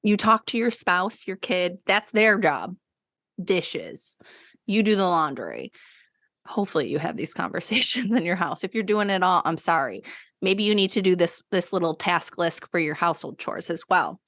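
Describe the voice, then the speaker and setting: A woman's voice: fairly low pitch, animated, normal speed, fairly bright tone, dry recording. Practical woman podcast co-host, dry sound. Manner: practical, explaining step by step. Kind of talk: casual podcast chat.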